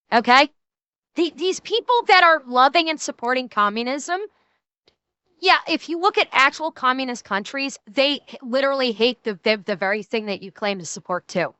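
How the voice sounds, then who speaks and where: A woman's voice: high voice, sharp tone, no room sound. A woman streamer delivering a heated, profane political rant, stumbling over restarts and mocking the people she criticizes.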